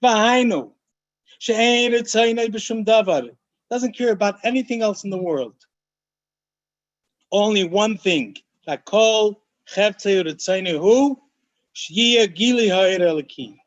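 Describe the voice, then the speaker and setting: A man, a rabbi, teaching a Torah study class in an animated, emphatic way. He often slows down to stress key phrases and mixes in many Hebrew and Yiddish terms. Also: sits high, dull audio.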